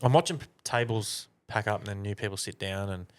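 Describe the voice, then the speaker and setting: A man's voice: fairly low pitch, brisk, smooth. Sweary man telling a story. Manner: swears a lot, rambling anecdote. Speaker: podcast co-host. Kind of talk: casual storytelling chat.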